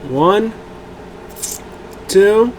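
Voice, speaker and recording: A man's voice: sits high, very slow, slight background noise, low-quality recording. A man casually recapping a wrestling event as host of a review show, rambling with many fillers and acting out what people said. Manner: rambling, animated, many fillers, acts out quotes.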